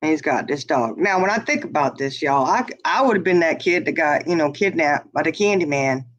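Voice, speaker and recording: A woman's voice: low-pitched, expressive, a little fast. A woman telling a long story in casual chat, laughing often and saying "you know" a lot. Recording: dull lo-fi sound.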